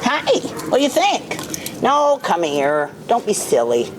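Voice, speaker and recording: A woman's voice: medium pitch, wildly swooping pitch, slow pace, noisy background. A woman dog trainer coaching an owner in a hands-on session, blunt and firm, snapping commands at the dog.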